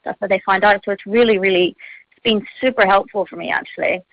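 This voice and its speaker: A bubbly teenage girl talks fast and loose, full of fillers and little giggles. Her voice sits at an ordinary pitch. It comes over a dull, dry phone line. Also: gravelly, no echo. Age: teens. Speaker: singer being interviewed. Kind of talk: casual chat.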